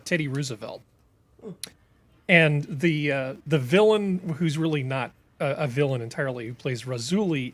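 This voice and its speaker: A man's voice: medium pitch, a bit bright. A middle-aged man, a podcast guest, rambling through his points with many fillers and restarts. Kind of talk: casual political chat.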